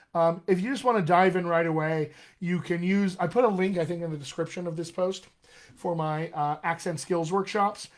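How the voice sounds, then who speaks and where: A man with a slightly higher voice coaches actors on during a live Q&A. He talks in a chatty, encouraging way and reads the viewers' questions out loud. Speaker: dialect coach. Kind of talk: live-streamed Q&A session.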